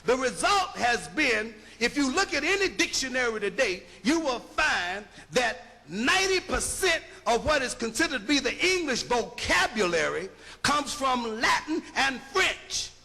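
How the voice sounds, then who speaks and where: A man's voice: extremely high pitch, very animated, measured pace, gravelly, pushed and bright. A man giving an emphatic, rhetorical lecture, punching his points and checking that listeners follow. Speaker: linguistics lecturer. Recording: long hall reverb.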